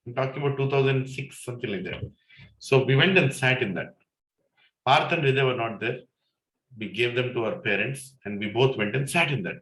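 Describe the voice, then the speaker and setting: A middle-aged man with an Indian English accent, giving an anecdotal spiritual talk to a satsang group and telling stories in an animated way, mixing in Hindi and Telugu. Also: medium pitch, a little fast, roomy sound, poor audio. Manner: animated storyteller, mixes in Hindi and Telugu, laughs at himself. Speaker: satsang speaker.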